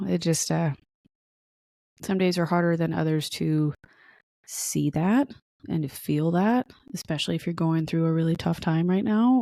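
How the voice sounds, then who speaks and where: A young woman hosts a solo podcast in a low, gravelly voice with a dark tone, recorded at studio quality with no echo. Her casual monologue is candid and rambling, with self-mocking laughs, before it turns into an encouraging pep talk.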